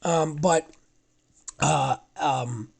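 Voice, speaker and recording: Male podcast co-host, excitable, rambles, casual delivery. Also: fairly high pitch, drawn-out words, vocal fry.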